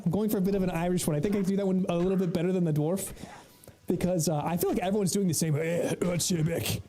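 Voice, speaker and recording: A man's voice: high-pitched, steady tone, rapid-fire, mellow. A young man streaming himself playing a video game, laid-back and chatty, swearing and laughing often. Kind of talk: casual gameplay commentary.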